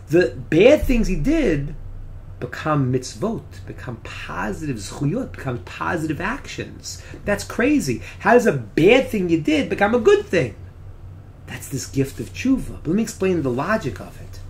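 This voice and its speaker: A man teaching a Torah lesson as an animated storyteller who drops to a hushed near-whisper at dramatic moments. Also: a little high.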